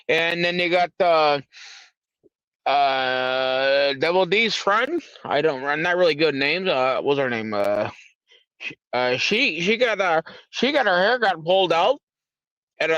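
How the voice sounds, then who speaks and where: An irritated man hosting a live stream, ranting and swearing with a fairly high voice. The sound is dry and dull, like low-grade stream audio. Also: a bit bright, no room sound. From United States. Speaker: livestream host. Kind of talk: angry political rant and call-in chat.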